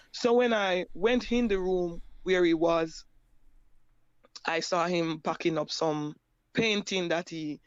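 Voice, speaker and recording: A Jamaican woman giving a personal testimony, halting and repeating her words as she recounts. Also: low-pitched, no echo, muffled recording. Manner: halting, repeats words and restarts, plain broken grammar. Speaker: survivor sharing her story.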